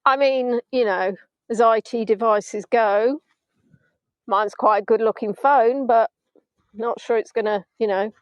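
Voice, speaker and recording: A woman's voice: on the high side, a little slow, no room sound. A woman guiding a live virtual tour from a beach at sunset, filming on a phone on a gimbal and chatting in a rambling, self-mocking way with playful asides.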